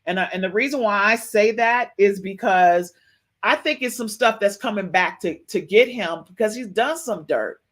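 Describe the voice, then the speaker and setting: A woman hosting a livestream podcast, reacting excitedly, repeating herself and talking to her chat. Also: mid-range voice, moderate pace. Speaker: podcast host. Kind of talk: livestream gossip commentary.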